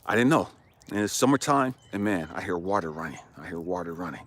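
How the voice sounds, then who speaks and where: Husky, animated man telling a story. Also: low-pitched, quick pace. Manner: passionate, swings between hushed and loud, swears freely. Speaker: life coach and speaker. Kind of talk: emotional personal storytelling.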